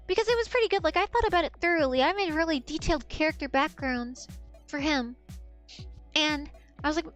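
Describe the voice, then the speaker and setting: A woman in her twenties talks to her stream chat in a loose, rambling way, swearing freely and laughing as she drifts off track. Her voice sits high. Faint music plays underneath. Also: brisk, pauses often, a bit bright. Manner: rambling, profane, loses her train of thought; laughs often.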